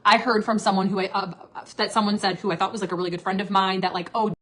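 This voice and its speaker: A woman, a former network marketing leader, ranting casually and with lots of profanity, jumping between loud outbursts and low asides. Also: fairly even intonation, fast. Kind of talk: casual livestream rant.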